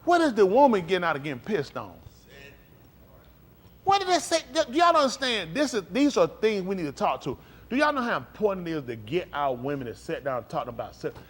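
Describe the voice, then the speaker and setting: A man with a high-pitched, slightly rough voice preaches a little fast in a live-streamed sermon. Emphatic and conversational, he pulls call-and-response from his congregation while animatedly shifting between soft and loud.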